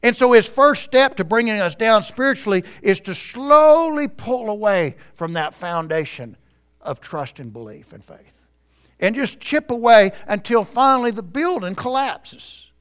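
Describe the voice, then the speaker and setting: Male pastor, high-pitched, earnest sermon, speaks straight to the congregation at a church service. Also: very animated, unhurried, a bit bright, clear, resonant tone. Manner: earnest, addresses the congregation directly.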